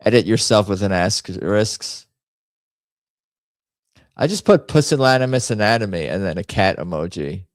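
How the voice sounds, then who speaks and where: A man's voice: on the low side, lively intonation, normal speed, long pauses, dry recording. A man hosting a casual livestream, rambling and muttering to himself as he types up a poll. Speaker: host.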